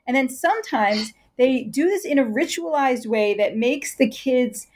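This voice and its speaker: A woman's voice: high-pitched, measured pace. Woman explaining in an interview. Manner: explanatory, lively when imitating chants. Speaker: guest expert. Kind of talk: interview answers.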